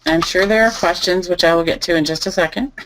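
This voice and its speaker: A woman teaching a live online lesson, calmly thinking aloud as she types through each step. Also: on the low side, fast talker, noisy background. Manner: relaxed, thinking aloud while typing. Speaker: online selling instructor. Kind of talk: live screen-share tutorial.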